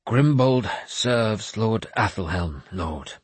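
A young, surly captive soldier gives short, grudging answers, as a man voices him. The tone is low and husky, and the pace slow. The sound is close and dry. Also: dry recording, full character voice. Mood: reluctant. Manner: reluctant, clipped answers.

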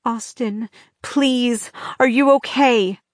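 A woman's voice: on the high side, slow, dry recording, clean studio sound, pitched above the performer's own voice. A woman reading an audiobook, voicing a frightened young woman held captive who speaks in an urgent, raised way. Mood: anxious.

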